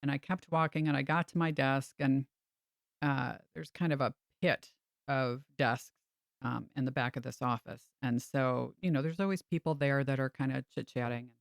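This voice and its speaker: A woman's voice: very deep voice, normal speed, vocal fry, no echo, studio quality. A woman who works as a realtor, telling a story in a casual chat and acting out the people she quotes. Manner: animated, acts out quoted voices. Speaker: realtor and podcast host.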